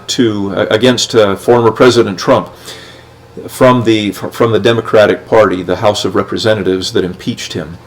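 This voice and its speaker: A man's voice: mid-range voice, low-quality recording. Plainspoken man reading legal text. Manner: plainspoken, halting with many fillers and restarts. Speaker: podcast host. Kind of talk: reading and explaining legal documents.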